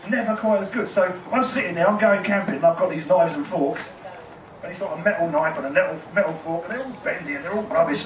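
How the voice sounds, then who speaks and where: A man doing a stand-up set in a rambling, chatty and sweary way. His voice sits high. The sound is echoey and distant, recorded in a tent with plenty of noise behind. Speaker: stand-up comedian. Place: tent in a car park.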